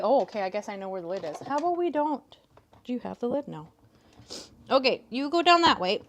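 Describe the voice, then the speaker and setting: A woman hosting a casual crafting livestream, chatting with viewers and coaxing her cats in a soft voice. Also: a little high, sing-song, fairly quick, a little hiss or hum. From Canada.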